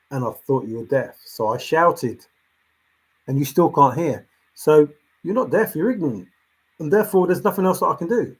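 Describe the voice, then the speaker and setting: Brief: male solo commentator, slightly high and husky, preachy rant that swings quiet to loud. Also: rough recording. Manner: lecturing, insistent, repeats himself, swings between soft and loud. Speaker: treasure hunt commentator. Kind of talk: ranting monologue.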